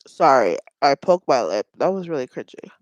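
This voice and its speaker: A woman's voice: very deep voice, sing-song, moderate pace, no echo, highs cut off. A woman hosting a casual mukbang livestream from home, chatty and giggling at her own jokes, with a stuffy nose.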